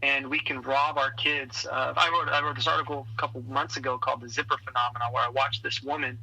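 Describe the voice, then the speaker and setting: A man being interviewed on a podcast as a leadership coach, telling lively stories and acting out the voices of the people in them. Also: medium pitch, fast talker, low-quality recording. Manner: energetic storyteller who acts out quoted voices. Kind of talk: conversational interview.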